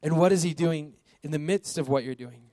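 A man delivers a sermon in a casual, talking-to-friends way, peppering it with rhetorical questions. His voice sits a bit high for a man. The sound is dry and close, with no room echo. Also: brisk, dark tone. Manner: conversational preaching with rhetorical questions. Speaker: pastor.

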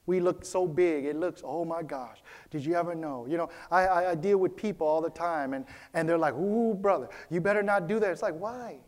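Preaching from the pulpit, this male pastor speaks a little fast in a slightly high voice. His delivery is repetitive, circling back to key phrases while urging the congregation to answer him.

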